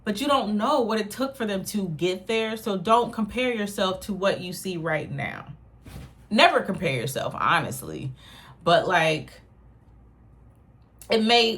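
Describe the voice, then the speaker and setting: A woman's voice: mid-range voice, a bit bright. A woman comedian talking casually to her camera at home, rambling and self-mocking with frequent laughs. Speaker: stand-up comedian. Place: home in New York without central air.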